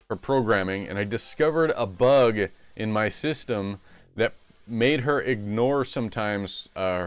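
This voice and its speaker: A man's voice: mid-range voice, smooth. A man live-streaming retro games, chatting casually and rambling as he plays at home. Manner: rambling, self-correcting.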